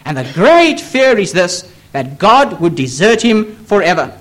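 A man's voice: high-pitched, sing-song, measured pace, a bit bright. A man preaching a sermon from a church pulpit, emphatic and repetitive, pressing his points with pleading appeals. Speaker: pastor.

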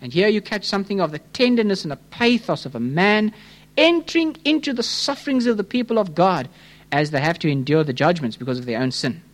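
A man preaching a sermon, fervent and questioning, dropping low and rising to urgent pleas. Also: animated, fairly quick. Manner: impassioned, swings between hushed low tones and fervent raised pleas; addresses listeners as friends, rhetorical questions.

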